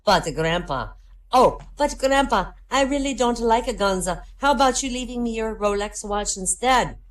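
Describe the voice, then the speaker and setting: A woman's voice: on the high side, expressive, moderate pace, pitched above the performer's own voice, lightly acted. A woman voicing a timid young grandson who pleads hesitantly. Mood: pleading.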